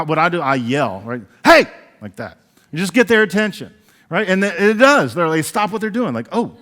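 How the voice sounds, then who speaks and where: A man preaching a sermon as pastor, animated and acting out the voices he quotes. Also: fairly high pitch. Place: church sanctuary. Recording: long reverb of a large church hall.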